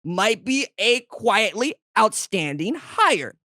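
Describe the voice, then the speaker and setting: A man hosting a solo sports podcast, talking emphatically to fans in second person with big jumps in pitch. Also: very animated, takes it slowly, sharp tone, no echo, clean studio sound. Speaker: podcast host.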